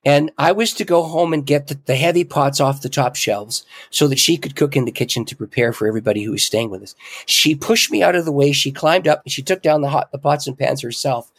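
A middle-aged man, a podcast guest, telling a story in an animated way with frequent chuckles. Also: mid-range voice, brisk, dry recording. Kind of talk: casual storytelling in an interview.

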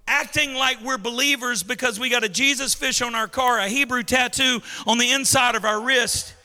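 With fairly even intonation and a moderate pace, a male pastor preaches emphatically in a very high, piercingly bright voice. He leads the congregation in call-and-response, having them repeat lines back, and a long reverb rings through the large church hall.

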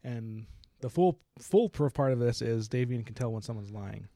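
A young man recaps a book on a casual podcast, animated and chatty, laughing often. His voice is gravelly and mellow. The recording is dry and close. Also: mid-range voice, moderate pace, dry recording. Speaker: podcast co-host.

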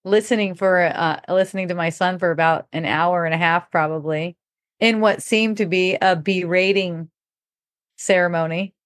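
A woman's voice: fairly low pitch, fairly even intonation, moderate pace, dry recording, clean studio sound. A middle-aged woman telling a personal story in casual talk, laughing often and acting out what people said. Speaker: podcast speaker.

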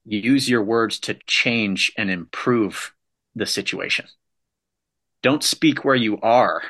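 A man's voice: fairly low pitch, slow, a bit bright. A man giving a motivational talk, emphatic and punchy, hammering points home with repeated phrases. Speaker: motivational speaker.

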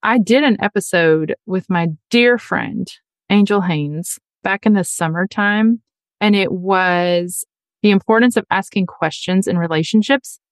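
A woman's voice: mid-range voice, unhurried, no room sound. A woman hosting an advice podcast, talking earnestly and chattily and acting out the voices she quotes. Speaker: podcast host. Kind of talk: casual advice podcast monologue.

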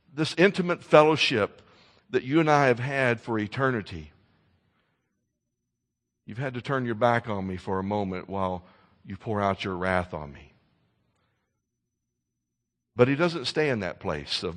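A man preaching a sermon in an earnest way, swinging between loud emphasis and soft, intense passages, often repeating words as he starts a sentence. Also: medium pitch, big-room sound. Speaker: pastor.

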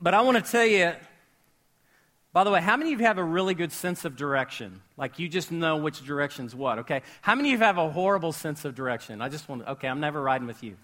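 A man with a high, bright voice delivers a sermon to a live congregation. He talks like he's chatting with friends, cracks jokes and asks the room questions. His voice swells to a shout on the words that matter. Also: quick pace. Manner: animated, rising to shouts at key words; conversational and joking, asking the audience questions. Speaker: pastor. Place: church with a live audience.

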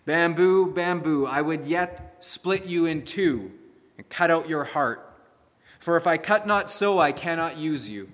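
A man voicing the grave, loving master of a garden in a spoken fable, talking slowly and solemnly with a long hall echo behind him. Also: fairly high pitch, animated, a bit bright.

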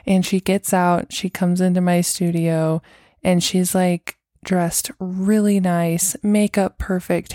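A woman's voice: fairly low pitch, warm tone, dry recording, studio quality. A woman in her thirties hosting a solo podcast, chatting casually and rambling with lots of "like" and "um". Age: 30s. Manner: chatty, rambling, heavy use of "like" and "um". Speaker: podcast host.

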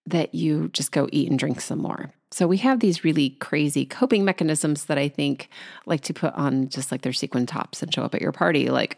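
A woman hosting a solo podcast about anxiety, talking quickly and acting out anxious inner thoughts. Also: deep voice, lively intonation, gravelly, darkish tone. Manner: fast, tumbling, acts out anxious inner voices. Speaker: podcast host.

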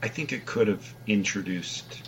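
A man with a very low voice weighing in on a book, slow to find his words and full of "you know"s. A faint hum sits under the talk. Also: a bit bright, low-quality recording. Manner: thoughtful, halting, hedging with fillers. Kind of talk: casual book discussion.

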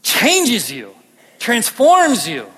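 A man preaching a sermon, out of breath and animated, swinging from loud bursts to hushed lines. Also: extremely high pitch, extremely slow, husky. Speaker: pastor. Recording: long hall reverb.

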